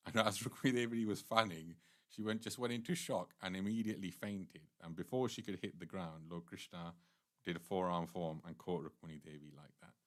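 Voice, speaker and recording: A man's voice: deep voice, a little fast. A man giving a devotional class, telling a scripture story in an earnest, explanatory way and often restarting his sentences. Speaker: temple speaker.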